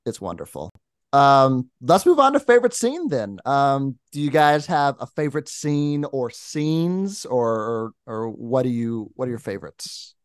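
A man hosting a casual podcast, relaxed and quick to laugh. He keeps his replies short and his questions easygoing, in a mid-range voice. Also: medium pitch, clean tone. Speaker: podcast host.

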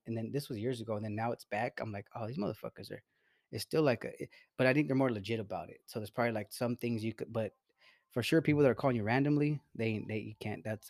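Rambling low-voiced man on a podcast. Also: darkish tone, no echo. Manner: rambling, halting, many restarts and swearing. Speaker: podcast co-host. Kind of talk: casual profane podcast chat.

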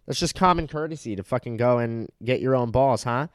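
A man's voice: mid-range voice, fairly quick, smooth, no room sound, clean studio sound. A young man telling a rambling, profane comedic story that keeps getting heated, with plenty of filler words.

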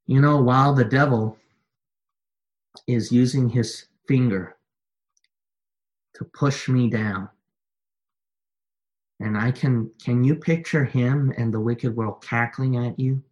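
A man preaching a sermon to his church, repeating refrains and building from quiet, low lines to loud, high-pitched exhortation. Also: takes it slowly, long pauses. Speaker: pastor.

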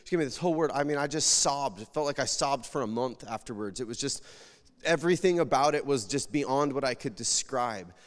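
A male pastor preaching an emotional sermon, swinging between loud pleading and near whispers while fighting back tears. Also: mid-range voice, a little fast. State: tearful. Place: church hall. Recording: long reverb of a large hall.

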